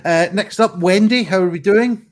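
A man hosts an online pun battle, talking in a loose, rambling way and filling gaps with ums. His voice sits a little high for a man. He speaks into a video call. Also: normal speed. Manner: chatty and rambling, with frequent ums. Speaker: game show host. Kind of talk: hosting a live-streamed pun contest.

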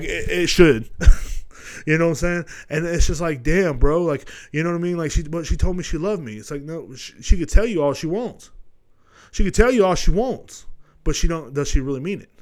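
A man in his thirties hosting a solo podcast, talking in a rambling, profane monologue that swings between loud ranting and low muttering. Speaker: podcast host.

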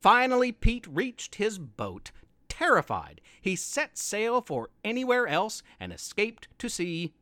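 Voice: mid-range voice, takes it slowly, no echo, clean studio sound. A storyteller host reading a playful scripted children's story aloud. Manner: playful, expressive read-aloud.

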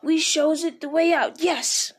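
A woman's voice: sits high, steady tone, unhurried, pitched above the performer's own voice. A woman voicing a small, slimy male creature who hisses and whispers to himself. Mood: wheedling. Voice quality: hissing whisper.

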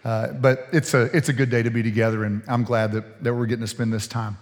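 A man's voice: mid-range voice, flat delivery, fast, big-room sound. A man preaching as pastor, in a casual, folksy way full of restarts, chuckles and asides to the congregation. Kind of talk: sermon. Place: church sanctuary.

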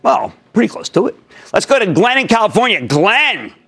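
A male TV market show host giving emphatic, punchy market commentary that swings between loud bursts and low mutters. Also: very animated, moderate pace, gravelly, breathy edge.

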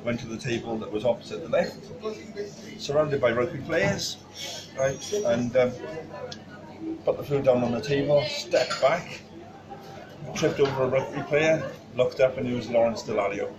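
A man's voice: medium pitch, a little slow, crowd noise, low-quality recording. A man, a chef guest on a podcast, telling stories casually with many fillers and restarts. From Wales.

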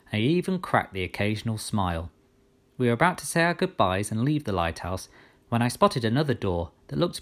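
A man narrating a children's story in the first person, with steady storytelling delivery. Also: on the low side.

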